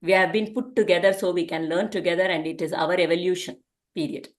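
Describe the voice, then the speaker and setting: A woman's voice: fairly low pitch, steady tone, quick pace. A woman teaching a parenting class in a conversational way, often asking rhetorical questions.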